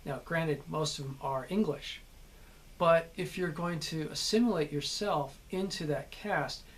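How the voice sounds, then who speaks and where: A middle-aged American actor with a slightly high voice talks at a measured pace, explaining character and accent work. His casual acting lesson to camera is conversational, and he often checks in by asking "okay?"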